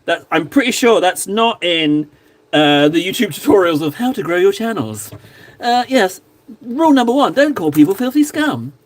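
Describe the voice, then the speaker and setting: A man casually chatting to his stream viewers while painting models, joking around and sometimes mock-shouting at them. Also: high-pitched, very animated, moderate pace. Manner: playful, jokey, mock-shouts insults at viewers. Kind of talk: casual live-stream chat.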